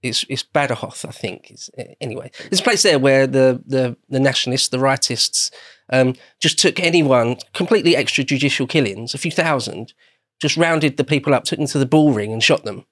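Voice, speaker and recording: A man's voice: medium pitch, fairly quick, fairly bright tone, dry recording, clean studio sound. An Englishman explaining history as a guest in a casual podcast conversation, meandering and often rephrasing himself.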